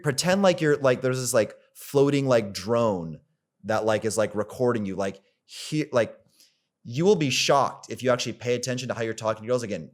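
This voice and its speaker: A man giving a coaching monologue, rambling with lots of filler words, repeating himself for emphasis and swearing casually. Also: mid-range voice. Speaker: dating coach.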